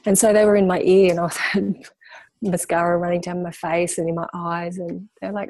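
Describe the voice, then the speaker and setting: Gravelly, warm-voiced woman coach. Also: fairly low pitch, level tone, fairly quick, dry recording. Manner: passionate, emphatic, repeats phrases for stress. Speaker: guest, spiritual coach. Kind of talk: candid podcast interview.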